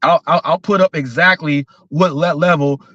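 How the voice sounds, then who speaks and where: A man's voice: on the high side, steady tone, normal speed, fairly bright tone, no echo, lo-fi sound. A man hosting a livestream, ranting defensively and often repeating himself as he restarts his words. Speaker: livestream host.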